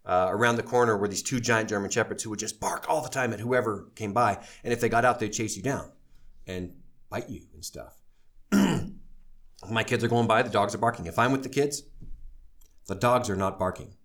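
A man's voice: on the low side, brisk. A middle-aged man telling his life story to a live audience, candid and wry, poking fun at himself. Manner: wry, self-deprecating, animated when quoting others.

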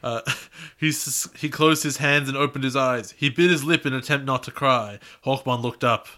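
A man's voice: medium pitch, normal speed, bright, forceful tone. A man co-hosting a podcast, reading a story aloud and breaking off to tease his co-host, laughing mid-sentence.

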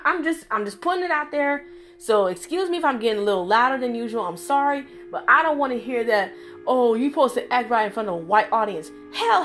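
A young woman hosting a podcast, talking straight to her listeners in an animated way and laughing often. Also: high-pitched. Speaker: podcast host. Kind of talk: casual opinion monologue.

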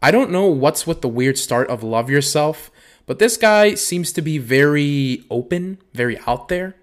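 Young male podcast host, casual comedic read, swears freely, laughs a lot, pitch leaps around. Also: a little slow. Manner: profane, animated, laughs a lot.

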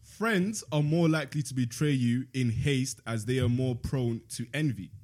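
A man's voice: medium pitch, darkish tone. Laughing man reading aloud. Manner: playful, laughs often, reads in a measured voice. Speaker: podcast host reading from a book. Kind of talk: casual chat and reading aloud.

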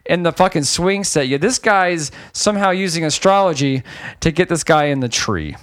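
A man's voice: fairly high pitch, animated, normal speed, fairly bright tone. A man hosting a casual movie podcast, ranting profanely about a film and acting out its scenes. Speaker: podcast host. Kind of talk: casual movie review chat.

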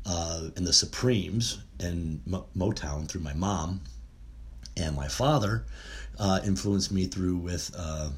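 A man's voice: low voice, takes it slowly. A middle-aged man talking casually and at length, rambling with frequent "uh" fillers and restarts. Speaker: music fan reminiscing. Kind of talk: casual monologue.

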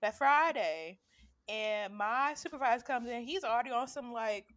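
A woman co-hosting a casual chat, telling an animated story full of cursing. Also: on the high side, moderate pace. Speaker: podcast co-host.

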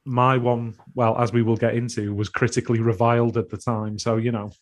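A man's voice: medium pitch, flat delivery, a little fast. A man co-hosting a music podcast, chatting casually in a dry, opinionated, sweary way. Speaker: podcast co-host.

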